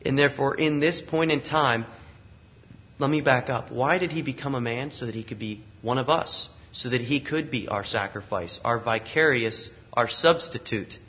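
A man's voice: mid-range voice, normal speed. A man preaching a sermon in an earnest way, building emphasis through repeated phrases. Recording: slightly dull lo-fi recording.

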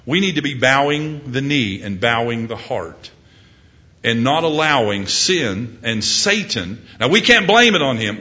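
Casting note: a man as an earnest preacher, bright, forceful voice, dull lo-fi recording. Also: mid-range voice, big pitch swings, unhurried. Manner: earnest, rising emphatic questions, soft hushed prayer. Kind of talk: sermon with closing prayer.

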